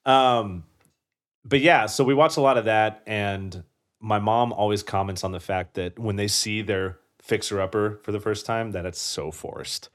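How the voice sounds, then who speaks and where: A man's voice: fairly low pitch, a little slow. A young man co-hosting a casual chat, joking around and slipping into silly voices. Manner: playful, jokey, slips into silly voices. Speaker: podcast co-host.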